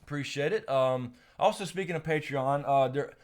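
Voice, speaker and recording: A man's voice: a little high, moderate pace. A man hosting a casual live stream, rambling with lots of fillers and restarts, laughing often, and reading out viewer names and questions.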